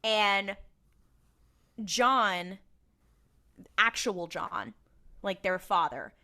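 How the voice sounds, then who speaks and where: A woman's voice: medium pitch, very slow, sharp tone. A woman co-hosting a podcast, recapping episodes in casual chat and acting out lines in silly voices, swearing freely and laughing often. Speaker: podcast co-host.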